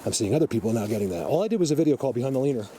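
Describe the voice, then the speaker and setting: A man with an average pitch, talking with emphatic insistence straight to his viewers as he films a walk through the woods. His voice comes through a camera mic with clear outdoor noise behind it and a vehicle now and then. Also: animated, racing, dark tone. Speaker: vlogger, Bigfoot field researcher. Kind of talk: walk-and-talk field vlog. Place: outdoors in a forest. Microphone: camera mic while filming. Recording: outdoor ambience, noisy, faint vehicle.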